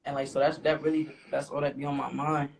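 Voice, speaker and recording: Gravelly young man, halting and candid. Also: a little high, level tone. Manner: halting, hesitant, lots of fillers. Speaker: rapper guest. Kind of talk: casual interview talk. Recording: faint background noise.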